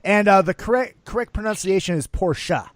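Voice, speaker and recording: Man host, slightly high voice, dry close sound, casual and profane. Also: animated, a little fast, dry recording. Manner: loose, profane, joking. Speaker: show host. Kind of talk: casual talk show chat.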